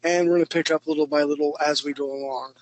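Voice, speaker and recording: A man's voice: on the high side, fairly even intonation, quick pace, rough recording. Chatty man teaching a drawing class. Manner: chatty, self-mocking, talks while drawing. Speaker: drawing instructor. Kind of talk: live online art class.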